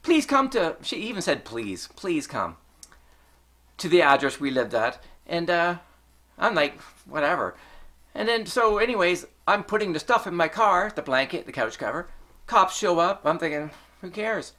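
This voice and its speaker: A man's voice: sits high, animated, moderate pace, sharp tone. A middle-aged man from Canada, telling a personal story to his vlog in a heated, profane rant full of swearing. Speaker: vlogger.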